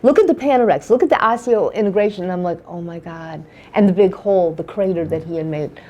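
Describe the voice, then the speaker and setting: A woman's voice: medium pitch, fast talker, darkish tone, muffled recording. A woman guest recounting her experience as a patient, telling it in a tumbling, repetitive way with frequent restarts. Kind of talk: emotional personal account.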